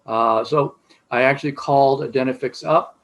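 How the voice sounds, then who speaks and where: Middle-aged male shop teacher, mid-pitched, loose and rambling with lots of fillers. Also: fairly even intonation, moderate pace, a bit bright, poor audio. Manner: rambling, many fillers and restarts. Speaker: automotive instructor. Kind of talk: casual teaching talk.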